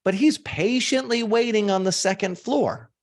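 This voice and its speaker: A man teaching a live seminar, animated and informal, swearing now and then for emphasis and asking the audience to join in. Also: high voice, normal speed. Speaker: motivational speaker.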